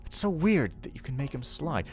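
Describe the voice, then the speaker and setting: A man's voice: medium pitch, very animated, brisk. Rambling jokey gameplay commentator, male. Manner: rambling, jokey, self-mocking. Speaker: let's play host.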